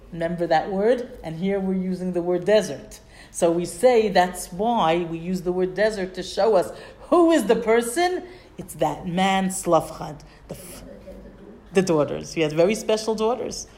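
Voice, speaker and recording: A woman's voice: fairly low pitch, animated, unhurried, warm tone. A woman teaching a Torah study class, reading Hebrew and Aramaic phrases and translating them, with a lilt and patient questions to her students.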